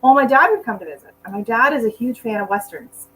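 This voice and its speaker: A woman's voice: on the high side, expressive, quick pace, fairly bright tone, husky, poor audio. A middle-aged woman chatting casually on a gardening live stream at home, rambling between potting tasks and asides to her dog. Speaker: gardening channel host. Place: at home indoors.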